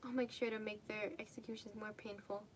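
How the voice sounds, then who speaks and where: A soothing bear headmaster father, soft and protective of his daughter, read by a woman. His voice sits a touch high and carries a faint hiss of background noise. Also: steady tone, normal speed, close to an everyday voice. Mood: hushed.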